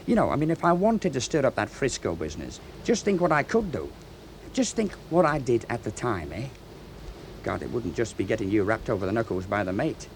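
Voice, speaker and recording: A man's voice: medium pitch, a little hiss or hum, rough recording. An actor playing a menacing able seaman in a radio drama, mocking and then threatening. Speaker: ship's crewman. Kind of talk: 1970s radio drama acting.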